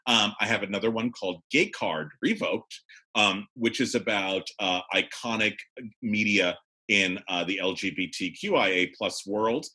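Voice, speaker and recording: A man, a cabaret producer and director, talking in a casual podcast interview in an animated way with frequent restarts. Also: lowish voice, normal speed, slightly rough.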